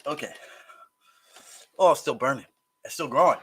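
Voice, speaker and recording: Husky man gasping through hot sauce. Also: mid-range voice, sharp tone. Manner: gasping, sighing and groaning between slow remarks. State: mouth burning, teary. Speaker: livestream host. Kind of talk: casual livestream talk while eating hot sauces.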